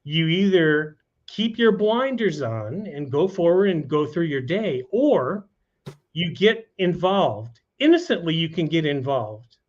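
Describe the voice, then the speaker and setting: A man, a talk show guest, telling a personal story in a relaxed, conversational way with frequent "you know" asides. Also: fairly high pitch, unhurried. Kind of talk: casual storytelling. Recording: dull lo-fi sound.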